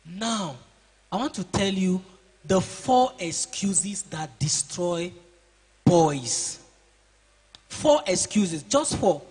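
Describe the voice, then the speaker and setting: A man's voice: sits high, lively intonation, extremely slow, pauses often, darkish tone, husky. A man giving a motivational seminar to boys, preaching, asking the class questions and acting out their excuses. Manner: preachy, asks the audience questions and acts out excuses. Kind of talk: motivational talk to teenagers. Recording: reverberant hall.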